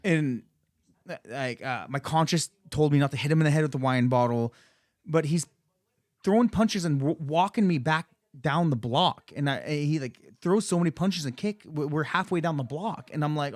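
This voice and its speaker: A man's voice: a little high, moderate pace, dry recording. Man, casual storytelling, profane, raises voice for quotes, dry close sound. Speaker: podcast guest or host telling a story.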